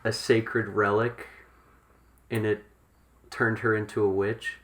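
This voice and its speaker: A man's voice: lowish voice, level tone, slow, a bit bright. A man co-hosting a casual podcast, asking lots of curious questions. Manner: curious, asks many questions. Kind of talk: casual chat.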